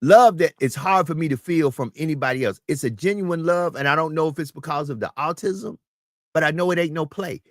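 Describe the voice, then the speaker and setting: A man with a slightly high voice speaks fairly quickly as a talk show guest in casual chat, emphatic and preachy and often repeating his words. The audio is clean studio sound with no room sound.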